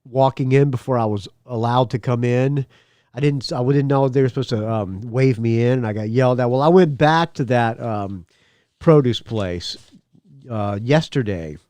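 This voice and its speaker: A man's voice: medium pitch, moderate pace, a little mellow, no echo. A man hosting a casual podcast, rambling and profane, laughing between his asides. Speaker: podcast host. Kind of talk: casual solo podcast chat.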